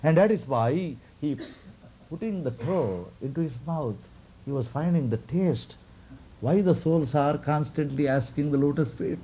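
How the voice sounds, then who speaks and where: A man who is a spiritual teacher tells a devotional story with soft chuckles. His pitch swings in lively, lilting arcs. He speaks slowly, in a dark, mellow tone. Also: slightly rough.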